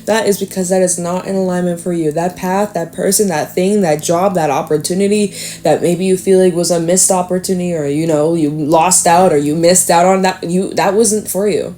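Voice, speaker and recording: A young woman giving a casual, chatty tarot reading. She fills her talk with fillers and sometimes jumps into loud, high-pitched acted lines. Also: fairly quick, hardly any pauses, a little hiss or hum. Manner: chatty, upbeat, lots of fillers, acts out voices with loud high bursts. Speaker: tarot reader.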